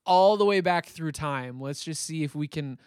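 A man's voice: fairly high pitch, moderate pace, a little mellow, clear, resonant tone, dry recording, clean studio sound. A man co-hosting a casual movie podcast, joking around and slipping into silly voices. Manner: playful, jokey, slips into silly voices. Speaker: podcast co-host.

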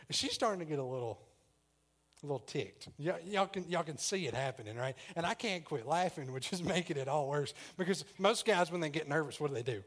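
A man preaches in a church, his voice sitting slightly high for a man. He talks to the congregation in a loose, chatty way, often laughing at his own story. Then he leans into the sermon's point. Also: expressive, a little fast. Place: church sanctuary.

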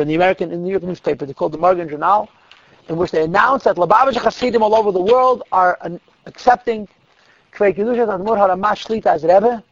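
A man telling a Hasidic story to listeners in an animated, emphatic way, repeating words for stress. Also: high-pitched, gravelly, no echo. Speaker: religious storyteller. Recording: dull lo-fi, dry recording.

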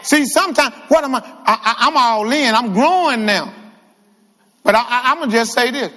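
Man, lively humorous sermon, high voice, long hall reverb. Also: normal speed. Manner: animated, humorous, calls out to the congregation. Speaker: guest preacher. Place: church sanctuary with reverb.

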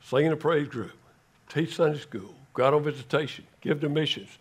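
Dramatic older male preacher, high voice. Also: brisk, husky. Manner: dramatic storytelling, swinging from loud to hushed. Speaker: guest preacher. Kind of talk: sermon.

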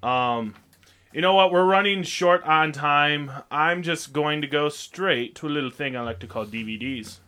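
Man, radio host, very bright tone, casual chat, laughs often. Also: fairly high pitch, moderate pace, clear, resonant tone, soft background music. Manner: laughing, joking, reads entertainment news.

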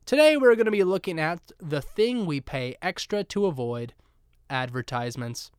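A young man hosting a solo podcast, talking in a playful, sarcastic and animated way. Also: a little high, moderate pace, smooth, dry recording, clean studio sound. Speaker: podcast host.

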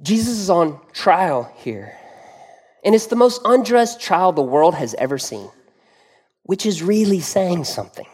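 A man's voice: high-pitched, sing-song, unhurried, a little mellow, slightly rough. A man preaching a sermon as pastor, explaining scripture verse by verse and retelling scenes vividly with rhetorical questions to the listeners.

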